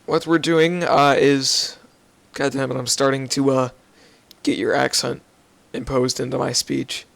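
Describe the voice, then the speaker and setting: A man's voice: medium pitch, little pitch movement, measured pace, creaky, fairly bright tone, dry recording. A young man hosting a casual interview, joking crudely and filling gaps with ums and uhs. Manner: crude joking banter, filler-heavy. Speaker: podcast host.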